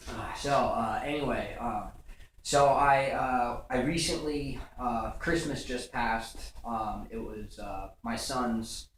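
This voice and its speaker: A man's voice: medium pitch, takes it slowly, fairly bright tone, slight background noise. A young man doing a stand-up routine, telling rambling stories full of fillers and restarts. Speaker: stand-up comedian. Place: comedy stage. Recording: rough, echoey club recording from far off.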